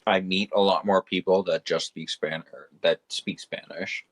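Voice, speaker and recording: A young man with a very low voice chats casually on a podcast, joking and letting his sentences trail off. The sound is close and dry. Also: steady tone, normal speed, a bit bright, dry recording. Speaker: podcast co-host. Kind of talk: casual chat.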